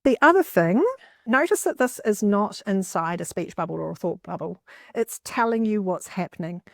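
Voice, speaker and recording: A middle-aged woman teacher, giving a clear, expressive classroom lesson and stressing key words for young readers. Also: medium pitch, normal speed, no echo, studio quality.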